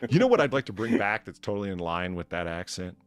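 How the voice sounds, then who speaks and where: A man hosting a casual live stream, chatting with guests and thanking viewers in a rambling, animated way. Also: low voice, fast talker, clear, resonant tone, dry recording. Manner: rambling, animated, many restarts. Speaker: streamer host playing bartender.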